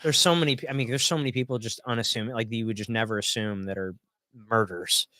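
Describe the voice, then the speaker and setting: A man's voice: on the low side, steady tone, quick pace, pushed and bright, no echo. A man co-hosting a casual podcast, chatting and laughing while watching fights and reading out fighter bios. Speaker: podcast co-host.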